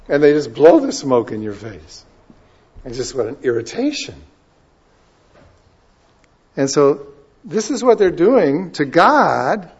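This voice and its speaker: A man preaching a sermon, moving from quiet, conversational asides to loud, emphatic readings of scripture. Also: on the high side, husky. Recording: dull lo-fi sound.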